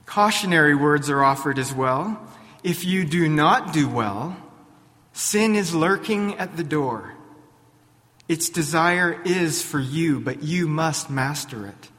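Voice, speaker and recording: A man pastor preaching a sermon in a church, deliberate, posing rhetorical questions to his congregation. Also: fairly high pitch, animated, a bit bright, in a large hall.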